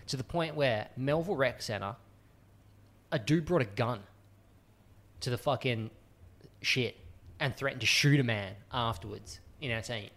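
A man's voice: medium pitch, measured pace, pauses often, a bit bright. A man co-hosting a podcast in casual chat, laid-back and wisecracking, swearing casually. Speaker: podcast co-host.

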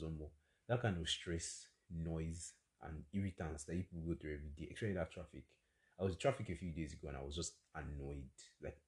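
Chatty young Nigerian man, very deep voice. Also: darkish tone. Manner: chatty, exclamatory, quick asides. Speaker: podcast host. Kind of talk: casual solo storytelling podcast.

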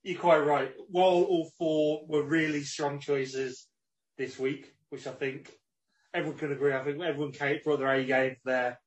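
A man's voice: on the high side, fairly even intonation, normal speed. A man hosting a podcast in casual chat, wry and swearing casually as he steers the show. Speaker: podcast host.

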